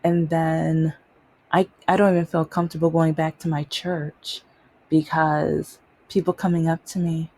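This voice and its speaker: A woman telling stories in a casual vlog, exasperated and animated, mocking the things people say to her. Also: low-pitched, unhurried. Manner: animated, exasperated retelling with mocking quoted voices. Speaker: vlogger.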